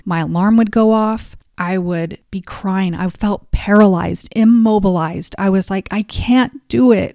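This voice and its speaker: Woman podcast host, middle pitch, confessional storyteller, dry close recording. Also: darkish tone, no echo. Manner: heartfelt and confessional; openly emotional at times. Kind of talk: personal storytelling monologue.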